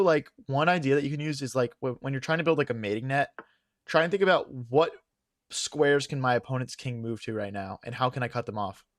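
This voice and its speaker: A man's voice: medium pitch, no room sound, clean studio sound. Young man thinking aloud over chess. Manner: thinks aloud, chatty, addresses chat as guys. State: losing his voice. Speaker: chess streamer. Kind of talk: casual live-stream commentary.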